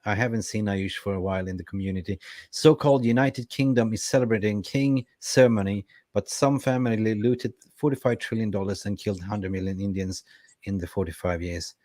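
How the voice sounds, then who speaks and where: Male fan-show co-host, young adult, low voice, lively chat-reader, dry mic. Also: brisk, no room sound. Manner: lively, reads viewer comments aloud. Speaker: co-host reading live chat. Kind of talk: casual football fan chat.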